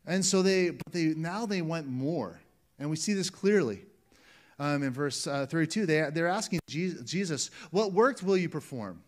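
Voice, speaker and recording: A man's voice: fairly high pitch, normal speed. A man preaching a sermon as a pastor, earnest and emphatic, often restarting his phrases.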